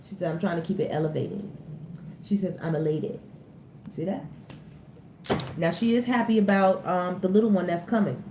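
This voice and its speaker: Speaking at a moderate pace with frequent pauses, a tarot reader with a fairly low-pitched voice chats directly to her viewers during a casual reading, laughing often. Her recording has an echoey sound and faint background noise.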